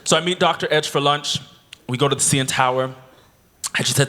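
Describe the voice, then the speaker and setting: A man from Canada stands before a convention crowd, telling a personal story in a keynote. His delivery is animated, moving the story briskly along. His voice sits at an ordinary middle pitch. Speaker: keynote speaker. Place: convention hall.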